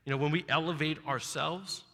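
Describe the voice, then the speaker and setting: A man preaching a sermon, retelling a Bible story with lively, acted-out asides. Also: on the high side, moderate pace, in a large hall. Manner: animated storytelling, acting out biblical characters. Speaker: pastor.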